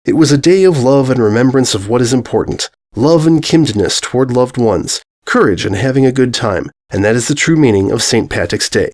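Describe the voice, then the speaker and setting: Deadpan man reading a silly story. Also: medium pitch, fairly quick, hardly any pauses. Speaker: fan fiction reader. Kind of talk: comedic dramatic reading.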